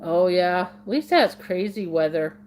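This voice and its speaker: A woman's voice: on the low side, expressive, a little slow, darkish tone, a little hiss or hum. A woman hosting a casual live stream, chatting with viewers in a giggly, playful way and repeating words for fun.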